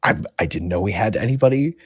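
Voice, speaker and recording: An eager young male cook in a fantasy game, voiced by a man, chirping high and tripping over his words. The voice sits husky with a dry, close sound. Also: expressive, quick pace, no room sound. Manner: high, bubbly and stammering.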